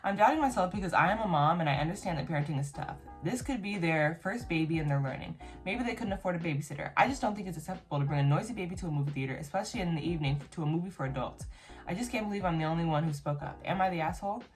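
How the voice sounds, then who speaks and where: A woman with a slightly low voice reads posts aloud and reacts to them in a relaxed, unfiltered way. She is blunt, swears freely, and breaks into her own commentary between lines. Faint music plays in the background. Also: rapid-fire. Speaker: YouTuber reacting to online posts.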